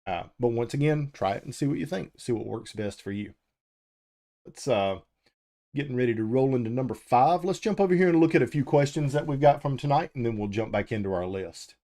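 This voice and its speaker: A man's voice: medium pitch, brisk. A man hosting a live firearms show, talking casually and answering viewers' chat questions, with frequent ums and uhs. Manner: relaxed and conversational, with frequent "uh" and "um".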